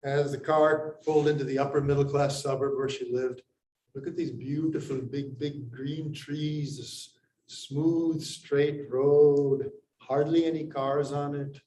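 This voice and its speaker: Man from India, storyteller, pausing, unhurried, roomy sound, faint noise behind. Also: a little high. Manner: unhurried, pausing, with lively acted quotes. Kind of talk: personal story told to an audience.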